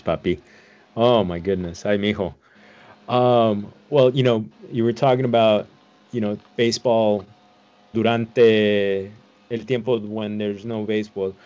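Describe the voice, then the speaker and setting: Lower-voiced man hosting an interview. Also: measured pace, dull audio. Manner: warm reactions, mixes in Spanish words. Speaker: podcast host. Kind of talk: casual interview chat.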